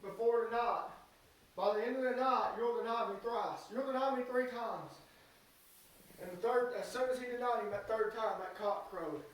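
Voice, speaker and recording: High-voiced preacher in an echoey church. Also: male voice, distant mic. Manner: halting, fills pauses with "uh"; folksy Southern speech. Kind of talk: sermon. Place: church sanctuary.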